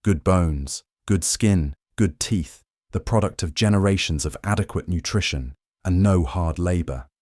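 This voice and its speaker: Man, sleep-story narrator, very deep voice, calm and soothing, dry close sound. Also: unhurried, hardly any pauses, dry recording.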